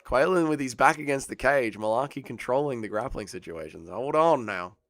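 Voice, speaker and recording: An excitable man hosts a live fight watch-along, bantering with his chat and swearing freely. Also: mid-range voice, a little fast, no echo, faint music behind. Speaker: livestream host.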